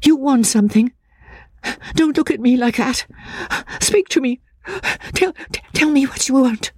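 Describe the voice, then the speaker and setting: Guy doing a shaky haunted young woman in a storybook reading, high and breathy, pleading. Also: unhurried, a little mellow, heavily acted. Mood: frantic pleading. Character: frightened fragile young woman, haunted, unstable.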